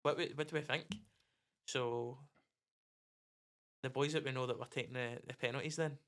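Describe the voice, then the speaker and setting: A man's voice: medium pitch, fairly even intonation, a bit bright. A young Scottish man co-hosting a casual football podcast, bantering and laughing with his mates. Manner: banter-heavy, quick to laugh. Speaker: podcast co-host. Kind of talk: casual chat.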